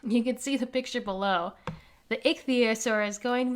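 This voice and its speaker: A woman reading a children's picture book aloud in an animated way, pointing out the pictures with small laughs. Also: on the high side, moderate pace. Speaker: conservation group organizer reading to children.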